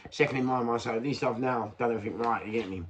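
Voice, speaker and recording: A man's voice: medium pitch, very fast, a bit bright, a little hiss or hum. An older man with a London accent tells a rambling street story in casual chat, swearing and laughing at himself. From England. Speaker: vlogger.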